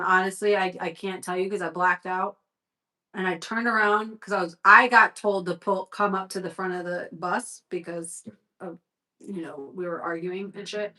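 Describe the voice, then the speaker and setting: A young woman on a livestream, telling a story from her own life in loose, candid chat. Her voice is bright and forward, and she swears freely and says "like" constantly. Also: mid-range voice.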